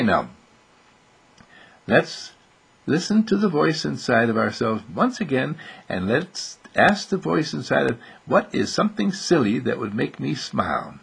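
A man telling a playful bedtime story to children in an animated, sing-song way, slipping into little voices and easing toward sleep. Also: medium pitch, unhurried, gravelly, pauses often, slightly rough. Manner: soothing and soft when winding down to sleep.

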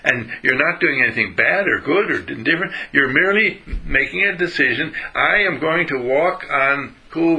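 A man's voice: mid-range voice, lively intonation, brisk, few pauses, pushed and bright, low-quality recording. A man giving a motivational spiritual lecture, emphatic, repeating phrases and asking his listeners questions.

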